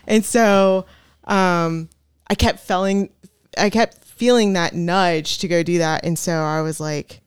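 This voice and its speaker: A woman's voice: on the low side, fairly even intonation, takes it slowly, clear, resonant tone, no room sound, clean studio sound. A woman chatting as a podcast guest, telling a personal story in a chatty way with many fillers and frequent laughs. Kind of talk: casual storytelling chat.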